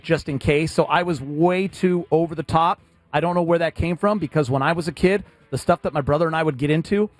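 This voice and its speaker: A man's voice: a little high, no room sound. Joking radio co-host, man. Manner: playful, joking. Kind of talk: casual banter on a radio show. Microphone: studio mic.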